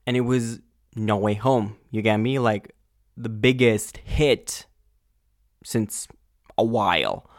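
A male podcast host ranting angrily and profanely in a casual monologue, full of fillers and sudden loud outbursts. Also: lowish voice, takes it slowly, pauses often, no echo, clean studio sound. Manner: angry, exasperated, profane.

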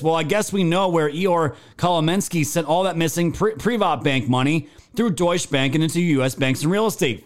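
Indignant male streamer, emphatic and profane. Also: high voice. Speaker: political talk show host. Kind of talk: live-stream commentary reading chat.

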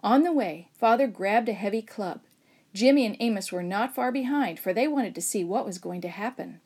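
A woman narrating a children's Bible story aloud, lively and expressive, raising her voice for shouted lines. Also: mid-range voice, normal speed, slightly rough. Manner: expressive, acts out shouts and whispers.

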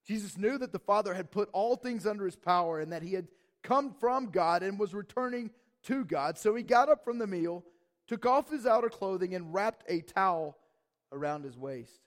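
High-voiced man preaching emphatically and calling out to the congregation, echoey church hall. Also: expressive, moderate pace. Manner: emphatic, call-and-response with the congregation. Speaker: pastor. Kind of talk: sermon.

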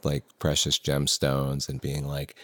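Deep, slow-talking man. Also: completely flat delivery, a bit bright. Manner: laid-back, joking, swearing. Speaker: podcast co-host. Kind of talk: casual chat.

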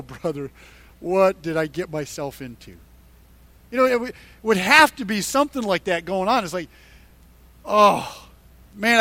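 A man with a strikingly high voice preaches a sermon and tells the Bible story with lively, animated delivery. He presses each point through emphatic repetition. The recording is dry and close, with no room echo. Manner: emphatic, repeats points for stress. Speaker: pastor.

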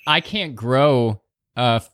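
A man co-hosting a casual podcast, telling a story in a halting way with stammers and restarts. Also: mid-range voice, fairly bright tone, no room sound, clean studio sound. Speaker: podcast co-host.

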